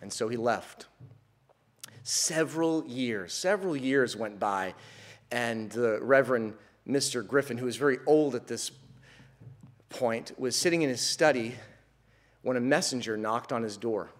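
A man's voice: medium pitch, a little slow. A man preaching a sermon, telling an illustration story in an earnest way and then building to emphatic, repeated declarations.

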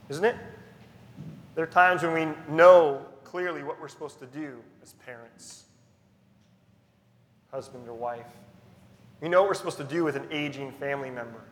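A man's voice: mid-range voice, a bit bright, reverberant, long reverb tail, slight background noise. A man preaching a sermon as pastor, earnest and emphatic, stressing key phrases through repetition.

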